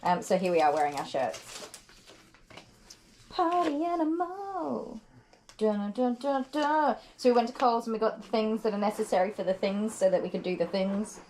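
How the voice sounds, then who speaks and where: A woman calmly reassuring a dog while grooming, often hushing and whispering. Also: mid-range voice, quick pace. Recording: roomy, distant, with noisy background.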